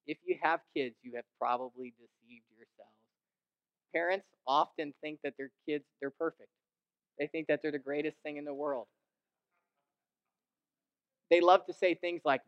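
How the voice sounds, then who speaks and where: A young man preaching a sermon, animated and conversational, who slips into mimicking the people he describes and rises in pitch and volume to drive a point home. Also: measured pace, pauses often, clean tone, muffled recording. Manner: animated, mimics others in quoted asides, rises in pitch and volume when emphatic. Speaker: pastor.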